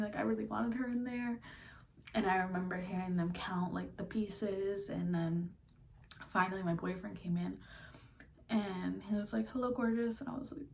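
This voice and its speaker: A woman's voice: on the low side, gravelly, darkish tone. A young woman telling her birth story as a vlogger, rambling with lots of fillers and near tears at times. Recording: distant mic with faint background noise.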